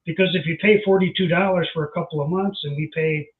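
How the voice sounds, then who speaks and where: A man's voice: a little high, fairly even intonation, fast. Plainspoken male guest on a tinny phone line. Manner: plainspoken, explaining. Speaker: insurance agent guest. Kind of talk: casual chat. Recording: phone-like call-in audio.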